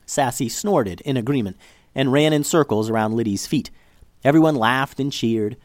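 A man reading a children's story aloud as storyteller, in an expressive way. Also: mid-range voice, normal speed, no echo, studio quality.

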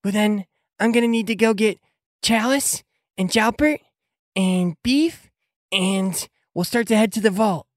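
A game master voicing a small, scurrying female heist boss creature who gives brisk, bossy orders in a tabletop game. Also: mid-range voice, no room sound, studio quality, pitched above the performer's own voice, natural voice. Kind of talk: tabletop role-play.

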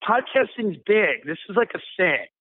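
A man's voice: high voice, big pitch swings, moderate pace, dry recording. A man on a phone call, stammering and bewildered, repeating himself as he tries to follow the conversation. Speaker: caller. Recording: tinny phone line.

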